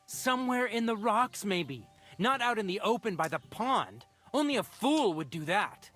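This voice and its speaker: An actor playing a brash, mocking young villager in a game, sneering and sarcastic. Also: male voice, high-pitched, very animated, normal speed, a bit bright, soft background music, exaggerated voice. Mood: scornful. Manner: taunting, sarcastic.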